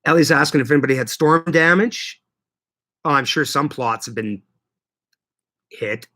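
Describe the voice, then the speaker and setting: A man from Manitoba hosting a casual livestream, greeting viewers by name and chatting in a lively, laughing way. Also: fairly high pitch, normal speed. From Canada (Manitoba). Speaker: livestream host reading chat.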